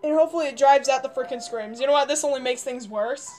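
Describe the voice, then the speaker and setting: A young woman with a very high, piping voice narrates her gameplay in a frantic, panicky rush, going hoarse from all the yelling. Faint music plays quietly behind her. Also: quick pace. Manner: panicked screaming and rambling. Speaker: gamer. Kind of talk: gameplay commentary.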